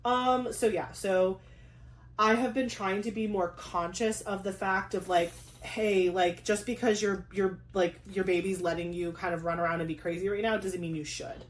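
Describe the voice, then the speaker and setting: A young woman chatting casually on her craft vlog, talking fast with lots of "like" and quick asides. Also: medium pitch, steady tone. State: pregnant. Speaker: craft vlogger. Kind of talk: casual chat.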